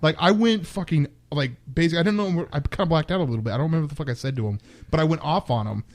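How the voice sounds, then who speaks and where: Casual young man, slightly high voice. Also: very fast. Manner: profane, rambling, self-reflective. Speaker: podcast co-host. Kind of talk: casual storytelling chat.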